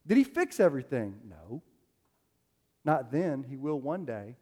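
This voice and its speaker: In a church sanctuary with long hall reverb, a male pastor preaches, telling stories loosely and conversationally with lots of fillers. His mid-range voice is very animated and a little mellow, moving at a measured pace.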